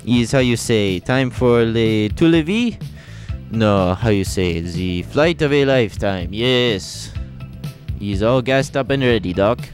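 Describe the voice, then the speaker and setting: A man voicing a jaunty adult male French pilot in a mock French accent, speaking halting broken English full of questioning tags. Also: medium pitch, lively intonation. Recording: music playing loudly behind.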